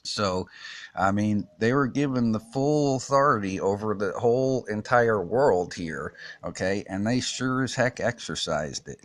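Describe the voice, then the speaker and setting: A man giving a casual Bible lesson while drawing, talking haltingly with many restarts and fillers and chuckling often. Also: low-pitched. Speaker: teacher.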